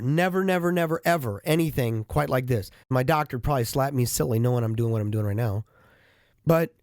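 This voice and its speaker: A man vlogging in a casual monologue into a studio microphone, chatty, animated and poking fun at himself. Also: high voice, dry recording. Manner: chatty, self-mocking and animated. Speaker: vlogger and podcast host. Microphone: studio microphone with headphones.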